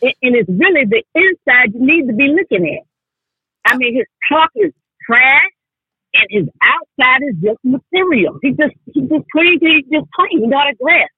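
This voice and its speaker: A woman calling in to a talk show, talking with animated emphasis and often cutting in. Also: high voice, normal speed, husky, dry recording. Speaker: caller. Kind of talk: call-in show chat. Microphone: phone. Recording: tinny phone line.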